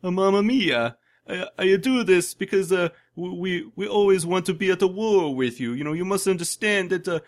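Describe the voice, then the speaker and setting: A man putting on a high, halting voice for an overly cordial, apologetic man. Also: close to an everyday voice. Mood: mock-polite.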